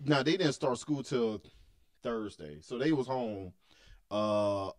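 A man's voice: mid-range voice, animated, slow. A young adult man co-hosting a podcast, telling stories about his kids in casual chat and laughing often. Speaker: podcast co-host.

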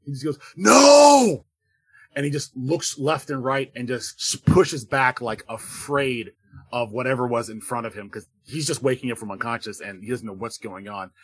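A man's voice: mid-range voice, fairly even intonation, moderate pace, fairly bright tone, slightly rough, dry recording. A man running a tabletop role-playing game as game master, narrating casually with lots of fillers. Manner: casual, descriptive, filler-heavy.

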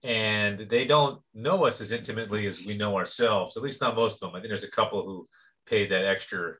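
A man co-hosting a podcast, trading crude jokes in a deadpan, casual way. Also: lowish voice, a little fast. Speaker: podcast co-host. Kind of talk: casual comedy banter.

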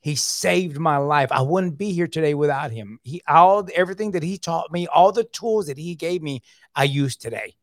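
A man's voice: fairly high pitch, expressive, normal speed, no room sound, clean studio sound. A middle-aged man telling a personal recovery story in a casual, confiding way. He often repeats words and keeps saying "man.". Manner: earnest, confiding.

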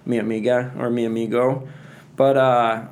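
A man in a relaxed casual chat, swearing freely and laughing often. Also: mid-range voice, normal speed.

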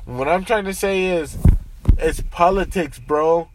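Exasperated high-voiced man arguing. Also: slow, background noise. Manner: exasperated, slangy, keeps saying bro and homie. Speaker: friend in a heated debate. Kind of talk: casual argument.

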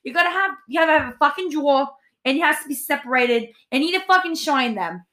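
A woman's voice: sits high, expressive, quick pace, sharp tone. A woman putting on a brassy Queens housewife. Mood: brash. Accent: New York Italian-American, put on. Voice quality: brassy, swearing constantly. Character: brash Italian-American Queens housewife, loud, bossy.

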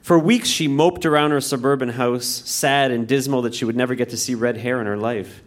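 A man reading his own childhood story aloud to a live audience, in a deadpan, mock-dramatic manner. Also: mid-range voice, brisk. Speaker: reader. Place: live show in a music venue.

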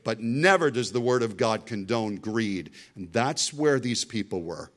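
A man's voice: lowish voice, animated, measured pace, a bit bright. A middle-aged man preaching a sermon as a pastor, emphatic and full of storytelling asides.

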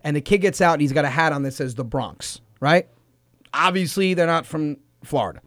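Brief: male comic host, excitable yarn-spinner, voice a touch high, dry close studio mic. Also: brisk, dry recording. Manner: excitable, swears freely, bursts loud. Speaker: comedian host. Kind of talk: animated comic storytelling. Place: radio studio.

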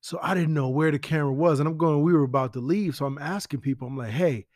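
A man telling stories about a late friend in a casual, animated way, with slang and whispered asides. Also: a little high, quick pace, no echo, clean studio sound. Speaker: friend giving a spoken tribute. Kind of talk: casual storytelling.

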